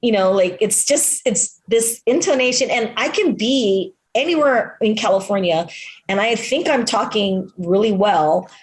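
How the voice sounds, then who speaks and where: A middle-aged woman from Hawaii with a softened Hawaiian Pidgin accent, chatting as a podcast guest and laughing often at herself. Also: medium pitch, expressive, a little slow. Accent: Hawaiian Pidgin, held back. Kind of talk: casual interview chat. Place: at home in Hawaii, on a remote call.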